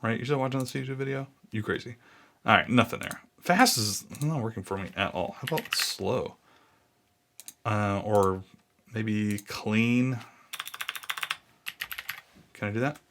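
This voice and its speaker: A man in his thirties with a lowish voice talks through a screen recording, thinking aloud and drifting off track. Keyboard typing clicks behind him. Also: measured pace, long pauses, fairly bright tone, a little hiss or hum. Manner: thinking aloud, easily sidetracked, muttering. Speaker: blogging YouTuber. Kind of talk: casual screen-recording walkthrough.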